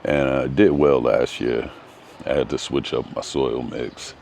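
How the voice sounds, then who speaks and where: A man's voice: extremely low pitch, steady tone, measured pace, a little mellow, slight background noise. A man giving a casual vlog walk-through of his home garden outdoors, talking in a hesitant, rambling way with frequent ums. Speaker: gardening vlogger.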